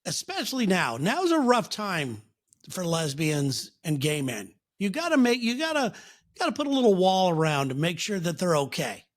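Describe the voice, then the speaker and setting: A man's voice: sits high, big pitch swings, normal speed. A man co-hosting a comedy podcast, joking and boasting in casual chat. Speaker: podcast co-host.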